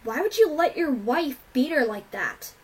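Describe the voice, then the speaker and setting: A woman voicing a brash, tomboyish young female pegasus pony who talks loud and blunt, in a homemade storybook reading. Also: high-pitched, moderate pace, husky, distant mic, poor audio. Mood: angry.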